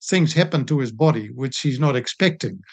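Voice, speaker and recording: A man's voice: medium pitch, normal speed, dry recording. Older New man, dry close sound. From New Zealand. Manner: relaxed, anecdotal, frequent ums. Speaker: interview guest, sports doctor and coach. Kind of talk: casual storytelling interview.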